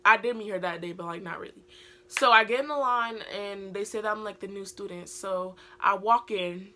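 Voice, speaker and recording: British teenage girl, rambling storytime vlogger, crisp bright tone, lots of fillers. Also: medium pitch, moderate pace. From Britain. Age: teens. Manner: rambling, heavy use of filler words. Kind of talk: casual storytime vlog.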